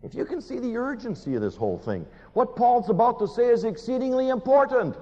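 A man preaching a sermon, animated and pleading, with dramatic pauses. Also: high-pitched. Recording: muffled hall recording with long reverb.

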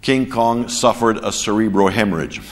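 A man's voice: fairly low pitch, normal speed. Man preaching in a reverberant hall. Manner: storytelling, animated, chuckles at his own jokes. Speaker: preacher teaching a church class. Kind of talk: sermon with anecdote.

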